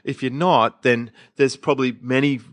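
A man's voice: mid-range voice, steady tone, moderate pace, no echo. A man co-hosting a podcast, chatting casually about online business and telling self-deprecating stories, laughing at his own anecdotes. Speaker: podcast co-host and event organizer.

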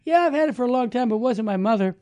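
A man's voice: very high-pitched, animated, racing, warm tone, pitched above the performer's own voice. A man voicing a dying old man in a retold story, speaking earnestly. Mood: recounting. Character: dying old man, gruff then grateful.

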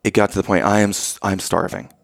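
A man in his thirties spins a family story in a relaxed, chatty way, jumping into exaggerated voices for the people he quotes. His voice has a gravelly edge. It is recorded close and dry. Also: deep voice, fast, no room sound. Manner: animated, exaggerated retelling with put-on quotes. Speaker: podcast co-host telling a family story. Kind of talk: casual storytelling chat.

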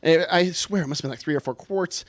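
A man with a fairly high voice tells a funny story about himself. He is animated and self-deprecating, and he sets up each punchline. The recording is close and dry, with no room sound. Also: fast talker, no room sound. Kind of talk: comic personal storytelling.

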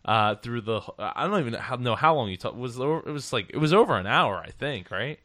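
A man's voice: mid-range voice, lively intonation, brisk, fairly bright tone, no room sound, studio quality. A man hosting a podcast over a remote call, chatting in an upbeat, rambling way with lots of restarts. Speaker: podcast host. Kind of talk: casual interview chat. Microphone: remote call setup.

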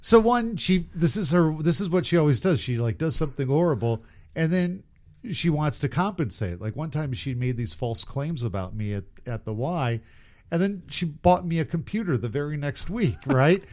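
A man's voice: on the high side, animated, normal speed, a little mellow. A man casually telling a rambling, profane story on a podcast, often laughing at himself. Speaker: podcast co-host.

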